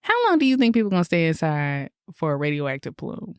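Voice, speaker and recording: Low-voiced, exasperated woman podcaster. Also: brisk, clean tone, dry recording, clean studio sound. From Michigan, USA. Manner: exasperated, swearing, animated rants. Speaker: podcast co-host. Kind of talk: casual podcast chat.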